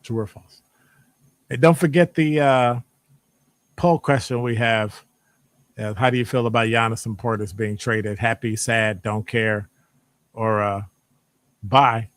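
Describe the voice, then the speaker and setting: A man with a Midwestern American accent, presenting a live online session. He reads out audience answers, quizzes them and teases them in an animated, joking way. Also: mid-range voice, a little slow, pauses often, clean tone, no echo. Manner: animated, jokey, teasing the audience. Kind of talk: live-streamed lecture with chat.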